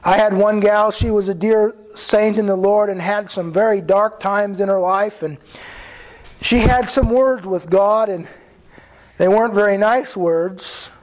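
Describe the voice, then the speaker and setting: A man's voice: high-pitched, unhurried, rough recording. A man, a pastor, preaching a sermon in an earnest, conversational way, often restarting phrases and acting out quoted dialogue.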